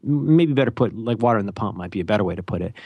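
Male podcast co-host, chatty and rambling, jokey and self-mocking; animated delivery. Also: on the low side, very fast, husky, no echo, lo-fi sound. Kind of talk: casual podcast chat.

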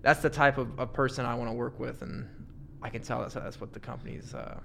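A man's voice: medium pitch, steady tone, brisk, vocal fry, a bit bright, slight background noise. A man talking as a podcast guest, earnest and upbeat, often repeating words as he goes. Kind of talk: casual chat.

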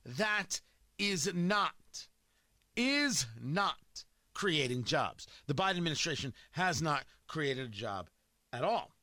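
A combative male host delivers opinionated political commentary, his voice sitting high and swinging widely in pitch. He hammers points home with rhetorical questions and repetition. The sound is bright and dry, close to the mic. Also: very animated, slow pace, no echo.

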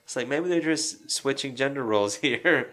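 A man co-hosting a casual podcast about a film, animated and laughing, with lots of fillers and swearing. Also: mid-range voice, normal speed. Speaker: podcast co-host.

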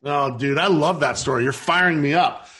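A man's voice: on the high side, moderate pace, a bit bright, a little hiss or hum. A man hosting a business podcast, reacting with enthusiasm and asking questions. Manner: enthusiastic, effusive interviewer. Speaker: podcast host. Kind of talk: interviewing.

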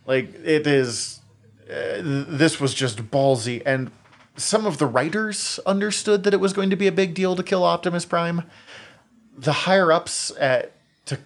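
A man's voice: on the high side, a little slow, vocal fry. A man co-hosting a podcast, talking in an enthusiastic, opinionated and rambling way with plenty of fillers. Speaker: podcast co-host. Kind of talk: casual chat.

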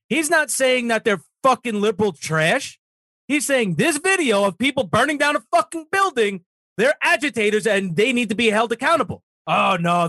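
A man's voice: very high-pitched, bright, forceful tone, dry recording, clean studio sound. A man on a political talk show, ranting heatedly and swearing emphatically.

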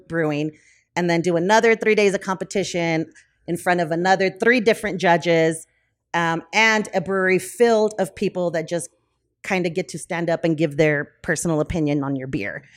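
A woman with a somewhat low voice tells a story in a podcast interview. She talks casually with lots of fillers and restarts. She jumps up in pitch whenever she acts out what other people said. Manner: lively, acts out quoted dialogue in higher voices; frequent fillers, self-corrections. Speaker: brewery owner, podcast guest.

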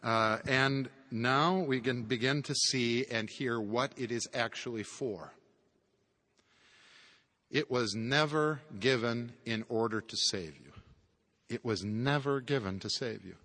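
A man's voice: medium pitch, takes it slowly, bright, forceful tone. A man giving a conversational theology lecture with chuckling asides. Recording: long hall reverb.

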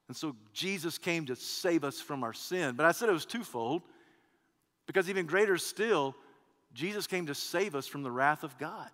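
A man preaching a sermon as pastor, driving his points home with repeated phrases and swinging from loud declarations to quiet, hushed lines. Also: fairly high pitch, expressive, normal speed. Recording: long hall reverb.

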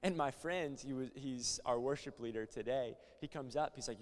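A young male pastor from Florida preaching at a conference, moving from quiet stories to loud, passionate preaching. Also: medium pitch, normal speed. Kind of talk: conference sermon with storytelling. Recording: long hall reverb.

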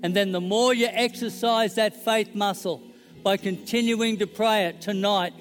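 High-voiced pastor preaching. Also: male voice, fairly even intonation, normal speed, in a large hall, soft background music. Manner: conversational and joking, checks in with the audience. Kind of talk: sermon.

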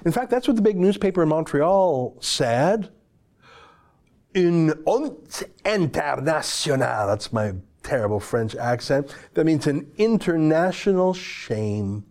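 A male commentary host gives a heated opinion monologue. He is sarcastic and emphatic, and his slightly high voice rises and falls dramatically. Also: very animated, unhurried, hardly any pauses, a little mellow.

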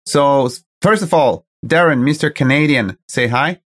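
A man's voice: on the high side, moderate pace, a bit bright. A man hosting a podcast, chatting casually in a rambling, self-correcting way. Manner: rambling, restarts, chuckling. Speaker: podcast host.

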